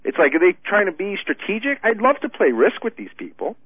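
A male caller on a tinny phone line, stammering and indignant as he talks politics. His pitch swings widely, and the line sounds thin and dead-dry. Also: sing-song, a little fast, breathy edge, dry recording. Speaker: phone-in guest.

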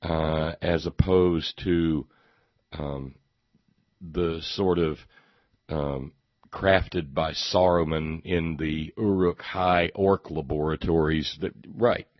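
A man's voice: very deep voice, steady tone, slow, no echo, highs cut off. A man hosting a talk show, giving a sarcastic, rambling political monologue and repeating words as he goes.

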